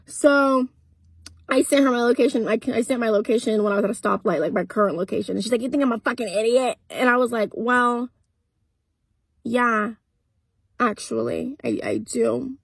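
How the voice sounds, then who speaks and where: An eighteen-year-old woman tells a storytime vlog to her followers, blunt and casual, cursing and acting out both sides of the arguments. Her voice is a touch high and husky. The sound is dry and close. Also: normal speed, pauses often, dry recording. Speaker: content creator.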